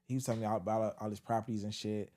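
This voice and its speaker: This podcast co-host has a lowish, mellow voice with a level tone, and he talks rapid-fire. He tells stories in a casual chat, acts out quotes, and laughs a lot.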